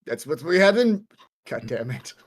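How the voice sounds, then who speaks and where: Texan male player, high pitch, giggly, stammers. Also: very animated, normal speed. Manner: joking, stammers and restarts, giggles. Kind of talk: casual out-of-game table chat.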